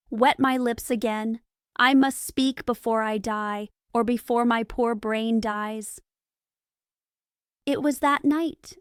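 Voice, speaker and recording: A woman's voice: on the high side, smooth, no echo, clean studio sound. A woman reading the part of a dying male asylum patient who pleads with desperate urgency, in an audiobook for English learners.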